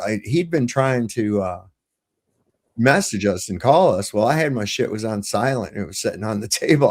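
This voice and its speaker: A man's voice: on the low side, darkish tone. A middle-aged man telling a rambling, profanity-laced story as a guest on a livestream panel, over a remote call.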